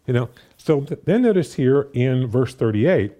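A man's voice: a little high, normal speed, hardly any pauses. A man preaching a sermon, talking through a scripture passage with lots of fillers and restarts. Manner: animated, many fillers and restarts. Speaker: pastor.

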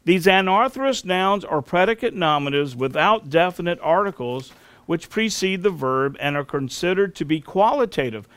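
A man teaching a Bible lesson as a sermon, explaining grammar step by step in a slow, deliberate way and spelling out terms. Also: high-pitched, lively intonation, fairly bright tone, clean tone, no room sound.

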